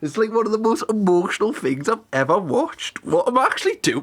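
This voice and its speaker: A young man, reacting in casual commentary, excitable and often laughing or tearing up. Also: high voice, fairly quick, hardly any pauses. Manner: excitable, emotional, laughing and tearful. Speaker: YouTube reaction host.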